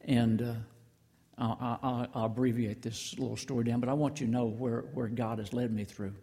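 Older preacher with a halting, folksy delivery. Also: male voice, medium pitch, level tone, mellow, in a large hall. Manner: folksy, halting, many restarts and asides to the congregation. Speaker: pastor. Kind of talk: sermon. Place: church sanctuary.

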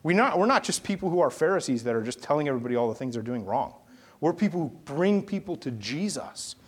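A man's voice: on the high side, big pitch swings, fast talker, husky. Man preaching a storytelling sermon. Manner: storytelling, rising to emphatic exhortation. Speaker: pastor.

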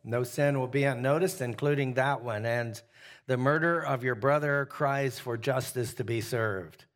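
A man's voice: medium pitch, unhurried. Man teaching scripture to a small group. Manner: asks the group questions, frequent "uh" fillers. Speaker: pastor teaching a Bible study. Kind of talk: conversational Bible teaching.

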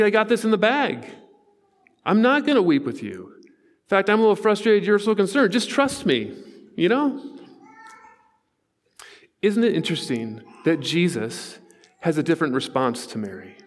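Middle-aged male pastor, fairly high voice, conversational and earnest sermon delivery, long church-hall reverb. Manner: earnest, conversational storytelling with asides to the congregation. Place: church sanctuary.

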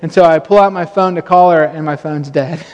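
Male pastor, high voice, storytelling sermon, self-deprecating, reverberant hall sound. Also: normal speed, dull audio. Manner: self-deprecating storytelling, animated quoted asides. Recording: long reverb of a church hall.

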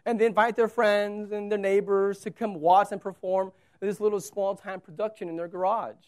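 A pastor preaching a sermon, swinging from loud urgency to hushed storytelling and asking listeners to imagine the scene. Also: mid-range voice, flat delivery, moderate pace.

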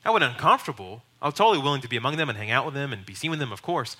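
A man's voice: mid-range voice, animated, racing, sharp tone. A young man, a pastor, giving a casual, conversational teaching on evangelism and acting out quoted voices. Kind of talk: sermon teaching.

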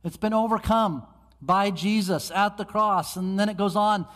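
High-voiced preacher in a reverberant hall. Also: male voice, normal speed. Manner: earnest preaching, dramatic swings in pace and loudness. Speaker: pastor. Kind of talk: sermon. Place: church sanctuary.

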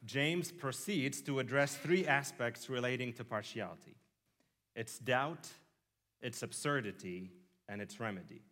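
A man delivers a sermon at a moderate pitch, drawing listeners in with humorous everyday scenes. His preaching moves between wry asides and earnest teaching. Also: a little slow, fairly bright tone. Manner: humorous, vivid storytelling with asides. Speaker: pastor.

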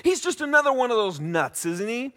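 A man's voice: very high voice, big pitch swings, fairly quick, pushed and bright, pitched above the performer's own voice, heavily acted. A man voicing indignant, proud male religious scholars who scoff in raised, incredulous tones.

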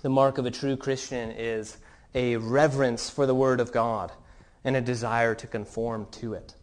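A man's voice: mid-range voice, fairly even intonation, normal speed. Earnest male pastor preaching. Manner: earnest, questioning, with fillers and restarts. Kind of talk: sermon.

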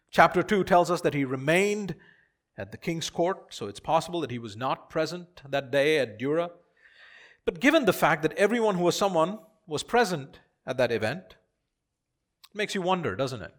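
A man preaching a sermon with a fairly high voice. He swings between hushed, drawn-out phrases and loud, emphatic peaks, and repeats key lines for weight. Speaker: pastor.

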